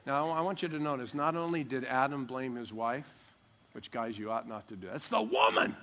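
A man's voice: medium pitch, steady tone, a little fast, a bit bright. An older man preaching a sermon as pastor, emphatic and joking, stressing key words.

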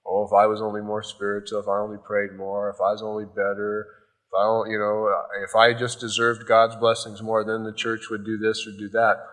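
A man's voice: on the low side, bright, forceful tone. A male pastor giving a sermon in a loose, conversational storytelling way, often adding "you know".

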